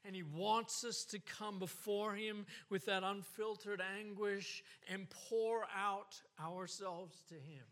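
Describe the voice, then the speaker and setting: Bright-voiced man preaching slowly. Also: sits high, fairly even intonation. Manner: impassioned preaching, voice rising and falling. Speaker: pastor. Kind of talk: sermon.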